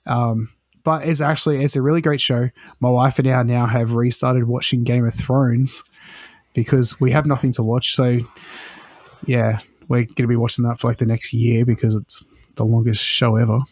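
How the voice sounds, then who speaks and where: A man co-hosts a casual podcast, talking in quick, rambling runs full of "like". His voice sounds dry and close, with no room echo. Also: mid-range voice, little pitch movement, breathy edge. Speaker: podcast co-host. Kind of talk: casual chat.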